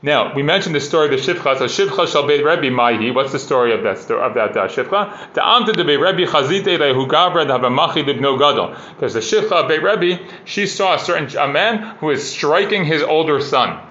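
Man, Talmud teacher, fairly high voice, dull roomy recording. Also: animated, a little fast, few pauses, sharp tone. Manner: conversational, full of "like" and "you know"; reads Aramaic passages, then explains in plain English. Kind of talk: casual Talmud class, reading and translating.

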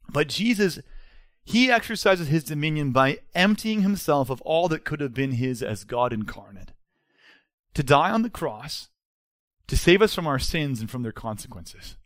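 A man's voice: on the high side, no echo. A man, preaching a sermon as pastor in an earnest, emphatic way.

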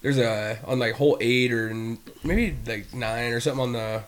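A man's voice: mid-range voice, moderate pace, slight background noise. A man co-hosting a podcast, joking and laughing through profane casual banter. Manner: jokey, laughs often. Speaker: podcast co-host.

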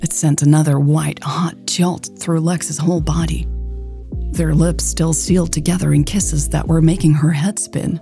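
Low, gravelly woman narrating a romance. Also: steady tone. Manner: soft, hushed, unhurried. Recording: faint music behind.

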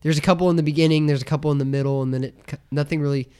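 A young man talks through a movie on a casual podcast, his voice a touch high and smoothly clear. He rambles, curses freely and slips into quick impressions of the characters as he retells scenes. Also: steady tone, warm tone. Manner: rambling, acts out characters' lines in silly voices, swears freely. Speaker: podcast co-host. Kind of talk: casual chat.

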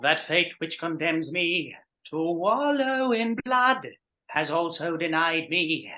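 Brief: man impersonating grandiose stage star, raised pitch, slow theatrical delivery. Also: sing-song, sharp tone, full character voice, low-quality recording. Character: impression of a male opera-style musical theatre star, grand and theatrical.

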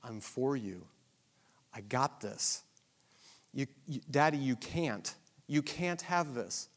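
A man voicing God as a loving, reassuring father, speaking softly and gently. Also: sits high, rapid-fire, natural voice. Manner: soft, hushed, gentle.

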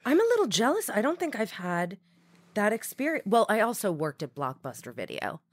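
A woman's voice: mid-range voice, very animated, brisk, dry recording. A woman comedian appearing as a podcast guest, giggly and self-mocking in casual studio chat. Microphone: studio microphone.

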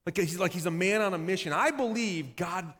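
A man in his thirties preaching a sermon as pastor, shifting from lively delivery to quiet, intense passages. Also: sits high, fairly quick. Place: church sanctuary. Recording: long hall reverb.

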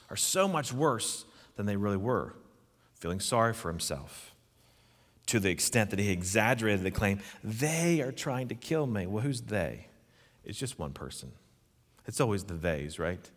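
Male pastor, low register, earnest and emphatic sermon delivery, long hall reverb. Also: lively intonation, moderate pace, a bit bright. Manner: earnest, emphatic, asks the listeners questions.

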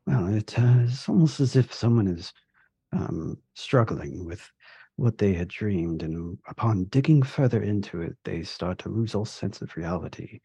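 Gravelly man playing a polite character. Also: fairly low pitch, animated, measured pace, dark tone, no echo. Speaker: player. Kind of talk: in-character tabletop role-play.

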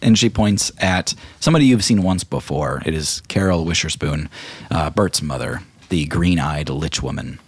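A man narrating a tabletop game as game master, animated and playful. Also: extremely low pitch, husky, no echo. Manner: animated, laughing narration with quick character voices.

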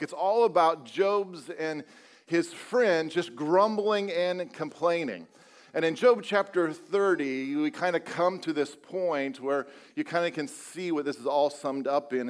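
A pastor with a slightly high voice gives a conversational sermon full of rhetorical questions. He draws out the words he wants to stress, then speeds back up.

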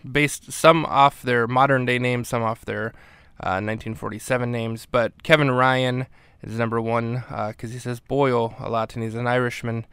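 A male podcast host talks through a TV episode in a relaxed, rambling way, full of ums and uhs. His voice is smooth and clear, recorded dry and close with no room sound. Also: mid-range voice, normal speed, no echo. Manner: relaxed, rambling with many fillers. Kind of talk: casual episode recap.

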